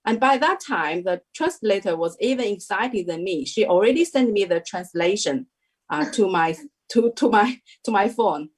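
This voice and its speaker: A woman giving a personal testimony as an interview guest, telling her story in halting, unhurried phrases. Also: medium pitch, animated, slightly rough. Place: lives in New Zealand.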